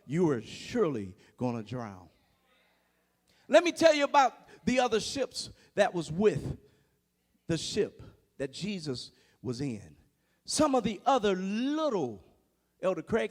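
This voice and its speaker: A man preaching a sermon, building from hushed tones to shouting, firing rhetorical questions at the congregation. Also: high-pitched. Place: large church sanctuary. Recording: long reverb of a church hall.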